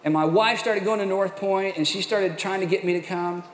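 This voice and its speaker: A middle-aged man preaches with an animated, self-mocking storytelling manner. His voice sits fairly high. The sound carries a long reverb from a large hall, with a faint hum of room noise behind him. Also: normal speed. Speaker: pastor. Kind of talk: sermon storytelling.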